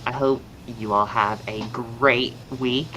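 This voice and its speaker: With fairly even intonation and a medium pitch, a young adult man from the American South speaks slowly while hosting a podcast as an astrologer. His upbeat, rambling chat is casual and full of fillers, set against a noisy background.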